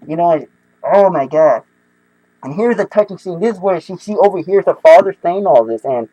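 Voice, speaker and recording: A young man casually reviewing comic books, excitable and rambling with many restarts. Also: high-pitched, brisk, dry recording, low-quality recording.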